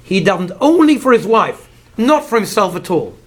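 A man's voice: high voice, normal speed. A man giving a Torah lecture, explaining commentaries in English mixed with Hebrew terms and acting out the figures in the story. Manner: animated, acts out the figures in the story. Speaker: Torah teacher.

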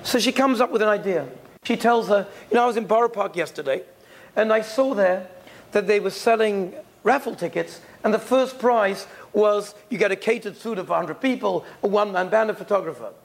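A man's voice: high-pitched, creaky. A man giving a storytelling sermon, acting out the voices of the characters in his stories. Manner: tells stories, acts out the characters' voices, uses Yiddish and Hebrew terms. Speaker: speaker giving a Torah talk.

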